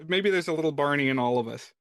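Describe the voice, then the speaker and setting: Bright-voiced man, dry close podcast mic. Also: fairly high pitch, dry recording. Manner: relaxed, wry storytelling, reads quotes aloud. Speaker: podcast co-host. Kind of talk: casual film podcast chat.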